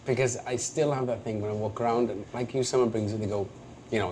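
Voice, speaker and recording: A man's voice: lowish voice, steady tone, fast talker, darkish tone, a little hiss or hum. A Welsh man in his forties, an actor chatting casually in an interview, self-deprecating and jokey with many restarts. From Wales. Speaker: actor guest.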